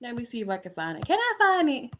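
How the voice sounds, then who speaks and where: A woman hosts a loose gossip chat, rambling and thinking aloud. Her voice is bright and forceful, and it swings widely up and down. She sits on the higher side for a woman. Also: huge pitch swings, quick pace, slight background noise. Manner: chatty, rambling, searches aloud while talking. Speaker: podcast host.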